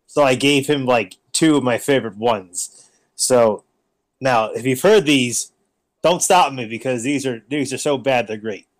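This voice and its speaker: A man's voice: mid-range voice, measured pace. A man who teaches, chatting as a podcast guest, telling stories animatedly with casual swearing and bad puns.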